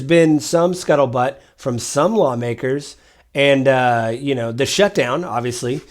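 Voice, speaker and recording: A man co-hosting a podcast, chatting casually about politics with rambling, animated storytelling. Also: medium pitch, normal speed. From Washington State. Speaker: podcast co-host.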